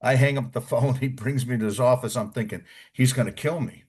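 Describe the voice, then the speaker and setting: A husky, darkish mid-range voice, slightly fast, belongs to a middle-aged American man who was an Army Ranger. Interviewed casually, he tells colorful, profane basic training stories and mimics what others said.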